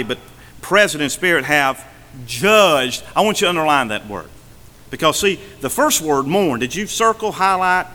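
A male pastor preaching a sermon from the pulpit, swinging between emphatic and hushed delivery. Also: a little high, long reverb tail. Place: church sanctuary.

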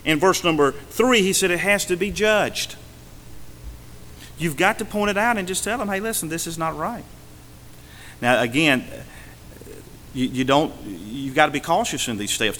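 A male pastor preaching a sermon from the pulpit, swinging between emphatic and hushed delivery. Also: a little high, big pitch swings, normal speed, long reverb tail, slight background noise. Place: church sanctuary.

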